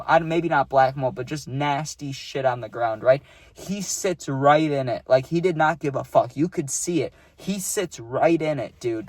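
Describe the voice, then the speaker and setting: A man's voice: on the high side, no echo. A young man telling a spooky personal story in a casual, laid-back way, peppering his talk with "dude" and "right?".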